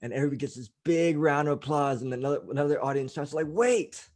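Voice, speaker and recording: A man tells a story in a loose, chatty way, packing in fillers and asides. He pokes fun at himself as he goes. His voice sits at an ordinary middle pitch. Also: fairly even intonation, rapid-fire, darkish tone. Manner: chatty, filler-heavy, self-mocking. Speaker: guest, life coach. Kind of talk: casual anecdote storytelling.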